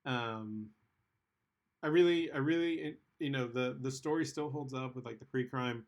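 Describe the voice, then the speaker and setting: A man's voice: medium pitch, moderate pace. A man co-hosting a podcast in casual chat, joking and rambling with lots of filler words. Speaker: podcast co-host.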